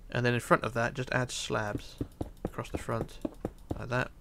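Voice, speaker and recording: Yawning and tired, this tutorial host narrates a casual game build in a gravelly, mid-range voice at a moderate pace. The recording is very noisy, and he keeps things relaxed, counting blocks under his breath and sometimes nearly whispering.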